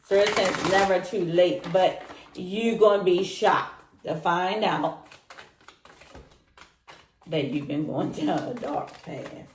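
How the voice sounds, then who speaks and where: A woman's voice: on the low side, slow, long pauses, a little hiss or hum. A woman giving a casual tarot reading, speaking straight to the listener and repeating her points. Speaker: tarot reader. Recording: roomy echoey room.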